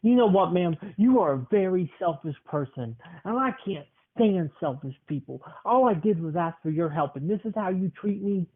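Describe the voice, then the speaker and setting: A man's voice: high-pitched, lively intonation, moderate pace, hardly any pauses, voice pushed up. A young man voicing a desperate adult male stranger who pushes and pleads for help, in a story he is making up. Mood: pleading. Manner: insistent, pushy, then pleading. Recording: tinny phone-like sound.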